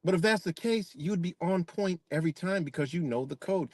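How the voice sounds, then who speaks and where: A man's voice: high-pitched, a little fast, darkish tone, dry recording. A man streaming live, delivering a rambling, profanity-laced rant in casual talk while reacting to chat comments.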